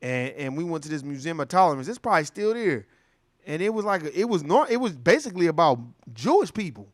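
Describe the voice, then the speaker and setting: A young adult man in a casual, profane monologue, telling stories with lots of energy and acting out other people's voices. His voice sits fairly high and sounds dry and close, with little room around it. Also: fast talker, no echo. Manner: animated storytelling, acts out voices. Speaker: commentator.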